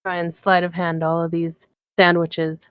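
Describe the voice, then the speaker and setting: A woman's voice: lowish voice, flat delivery, normal speed, no room sound. A woman playing in a tabletop game, speaking briefly and matter-of-factly. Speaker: player. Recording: dull lo-fi mic.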